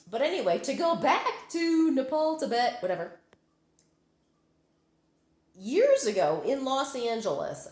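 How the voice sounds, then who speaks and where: Slow, rambling woman in an echoey room. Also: high-pitched. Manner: meandering, full of fillers and self-corrections. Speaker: psychic medium vlogger. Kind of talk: rambling personal storytelling. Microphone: holding her phone.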